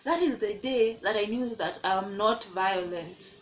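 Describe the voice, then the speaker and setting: A woman's voice: a little slow, a little hiss or hum, rough recording. A young woman in her twenties with a Kenyan English accent, telling a storytime vlog and acting out the people in it. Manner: animated, acts out quoted voices in a much higher pitch. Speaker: vlogger.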